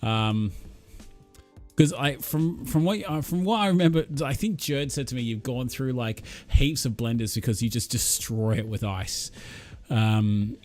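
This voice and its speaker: A man hosts a relaxed live-chat stream, reading out his viewers' messages. He talks at an ordinary pitch and encourages each viewer, while soft music plays quietly in the background. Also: unhurried. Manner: reads out viewer comments and cheers viewers on. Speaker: livestream host.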